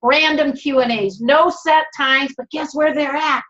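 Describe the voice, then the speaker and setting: Host: upbeat high-pitched woman with a Minnesotan accent, chatty and rambling, muffled video-call audio. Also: unhurried, a bit bright. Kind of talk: casual live-stream chat.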